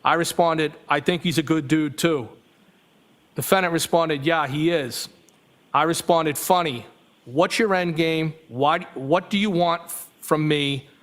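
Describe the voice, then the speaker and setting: A male witness in a courtroom, reading text messages aloud in a flat, measured way with small self-corrections. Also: fairly high pitch.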